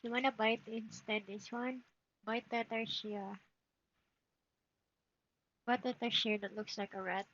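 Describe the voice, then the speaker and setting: A woman's voice: fairly high pitch, steady tone, measured pace, long pauses, fairly bright tone. A woman streaming live, chatting to her cat in a giggly, baby-talking way. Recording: dull lo-fi stream audio.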